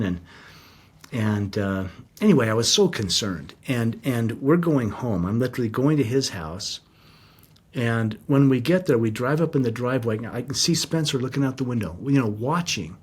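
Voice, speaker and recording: A man's voice: medium pitch, husky. A middle-aged man, a guest in an interview, telling a personal story in an earnest, heartfelt, reflective way.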